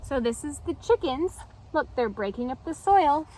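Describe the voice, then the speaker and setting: Animated woman reading to children. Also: high-pitched, normal speed, low-quality recording. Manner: animated, asks children questions. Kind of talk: children's story read-aloud.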